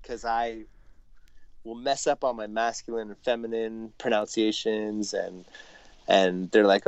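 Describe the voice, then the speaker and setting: A man's voice: lowish voice, unhurried, clear, resonant tone, no echo. Canadian guy brewer chatting on a call, patient, lots of ums, kinda muffled dry sound. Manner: relaxed, explains patiently with frequent fillers. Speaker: podcast guest, brewer. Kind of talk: casual chat. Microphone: phone call.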